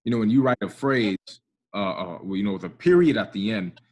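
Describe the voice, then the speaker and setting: A man's voice: lowish voice, lively intonation, a little fast. A man in a casual group chat, speaking tentatively and filling his sentences with "you know".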